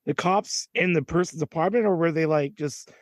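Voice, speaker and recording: A man with a higher voice wonders aloud through a string of playful questions on a comedy podcast. His voice sounds dry and close. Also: moderate pace, no echo. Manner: puzzled, questioning. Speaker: podcast co-host. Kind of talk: casual comedic chat.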